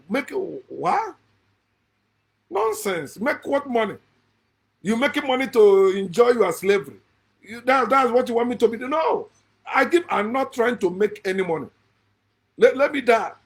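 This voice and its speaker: High-voiced preachy man. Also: big pitch swings, moderate pace. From Nigeria. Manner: blunt, preachy, repeats phrases for emphasis. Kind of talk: impassioned monologue.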